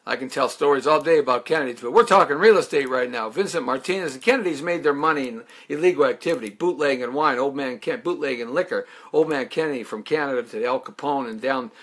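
A man in his fifties, a talk show host from Chicago raised in Southern California, talking in an animated, jokey, hype-man way. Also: a little high. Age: 50s. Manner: sings snatches and laughs at own jokes. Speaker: radio show host and real estate broker. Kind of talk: live-streamed radio talk show. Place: radio studio.

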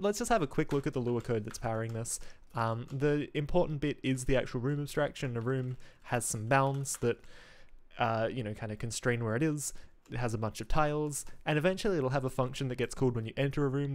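A man casually talking through his game code on a live stream, thinking aloud with ums, restarts and wry asides. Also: medium pitch.

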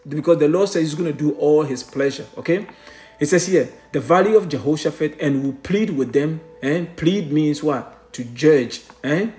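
A man preaching with excitement, reading verses aloud and then explaining them, often tagging his lines with a questioning "eh?". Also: fairly high pitch, normal speed. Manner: fervent, punctuates lines with questioning "eh?". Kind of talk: excited scripture teaching. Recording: echoey room.

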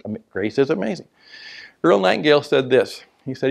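Here a motivational speaker delivers a business talk built on stories, brisk and creaky with a voice on the high side. He's animated, laughs at his own tales, and slips into a hushed whisper to make a point.

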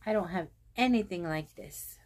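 A woman's voice: lowish voice, normal speed, darkish tone. A woman vlogger chatting casually to her viewers about her thrift store haul, easily sidetracked and gushing over each find. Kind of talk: casual haul chat to camera.

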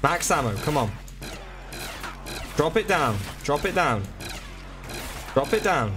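A young man commentating his game live, excitable, swearing and begging the game for help. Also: a little high, slow. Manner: swears, begs and pleads under pressure. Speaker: gaming streamer. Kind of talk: frantic live gameplay commentary. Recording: loud game music behind. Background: game music.

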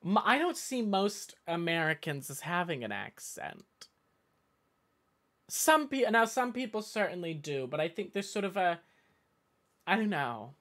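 A man's voice: high-pitched, sing-song, unhurried, a bit bright. A man from the northeastern US chatting casually on a live stream, reading viewer comments and drifting off on tangents. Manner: rambling, talks in tangents with many self-corrections.

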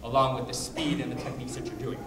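A man teaching a martial arts class, explaining technique in a brisk coaching manner between called-out drill counts. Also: medium pitch, little pitch movement. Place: martial arts training hall. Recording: echoey hall, distant mic, background noise.

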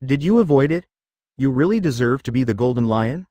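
A man voicing a young, arrogant male marine officer with a mocking but flat storybook read. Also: mid-range voice, fairly quick, no room sound, natural voice. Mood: taunting.

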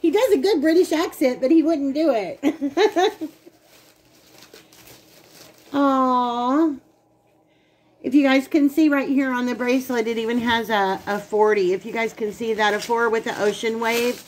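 A woman's voice: fairly high pitch, a little slow, pauses often. A woman co-hosting a casual unboxing vlog, gushing and talking straight to her viewers. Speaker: channel co-host.

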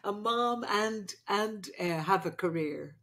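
An older woman, a podcast host and midwife, speaking tenderly through tears in a halting, emotional heart-to-heart with her daughter. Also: medium pitch, fairly bright tone. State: crying.

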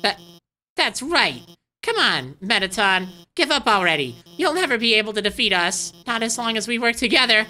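Woman doing jittery lizard scientist lady, raised pitch, eager, bright tense voice, game dialogue read aloud. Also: big pitch swings, normal speed, slight background noise. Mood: defiant. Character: nervous excitable female lizard scientist.

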